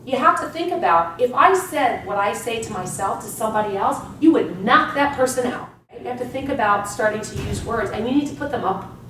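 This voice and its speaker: A woman gives a live motivational seminar talk to an audience, speaking with energy and emphasis and often asking "right?". Her voice is a little high, expressive, slightly bright and a little fast. The room is echoey, the mic distant, with a faint hum in the background.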